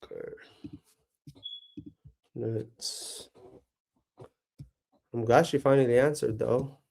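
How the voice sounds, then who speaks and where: A man's voice: mid-range voice, fairly even intonation, extremely slow, gravelly, darkish tone. A man cold-calling home sellers, upbeat on the phone and muttering to himself between calls. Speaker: real estate investor cold-calling sellers.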